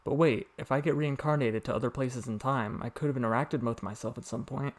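A man reading as a newly dead man in his forties, puzzled and questioning, everyday speaking pitch, storybook reading. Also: fairly even intonation, brisk, close to an everyday voice. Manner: questioning, uncertain.

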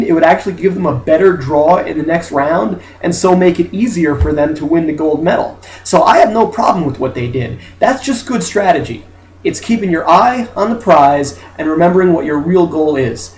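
A man talks through a wry opinion monologue in a slightly high voice. He is emphatic and drops in mocking asides. The room around him is echoey. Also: darkish tone. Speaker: commentator.

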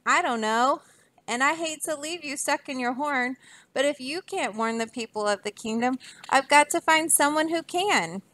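A woman's voice: sits high, moderate pace, a bit bright, no room sound, pitched above the performer's own voice. A woman voicing an earnest, anxious page boy while reading a storybook aloud. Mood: urgent. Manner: urgent, pleading.

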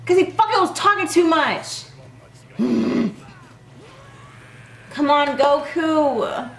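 Excitable woman reacting loudly in a roomy space. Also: high-pitched, slow, slight background noise. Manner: loud, swearing, gasping and shouting at the screen. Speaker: anime reaction host.

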